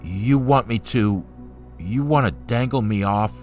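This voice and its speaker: A man's voice: sing-song, measured pace, faint music behind, exaggerated voice. A man reading aloud, voicing an anxious young woman who hates heights, in a raised, pleading tone. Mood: panicky. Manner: higher, pleading and panicky.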